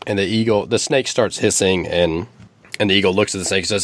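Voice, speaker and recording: A man narrating as game master, relaxed and halting, often restarting his sentences. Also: sits low.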